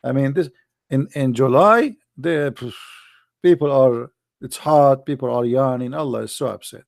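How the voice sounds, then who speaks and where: A man speaking at medium pitch with vocal fry sneers at religious ideas in a sarcastic, sing-song manner, quoting slowly and drawing words out. The recording is dry and studio quality.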